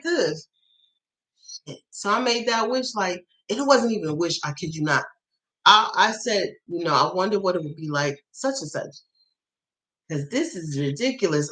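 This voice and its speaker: A woman's voice: medium pitch, fairly bright tone, poor audio. Blunt, profane woman livestreaming. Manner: blunt, profane storytelling with frequent laughter; acts out her own past lines in quoted voices. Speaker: tarot channel host. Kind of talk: casual livestream chat.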